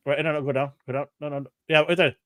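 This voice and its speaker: A man's voice: on the high side, fairly even intonation, very fast, fairly bright tone, no room sound, clean studio sound. A man co-hosting a casual chat show, rambling, repeating himself and laughing often. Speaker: co-host.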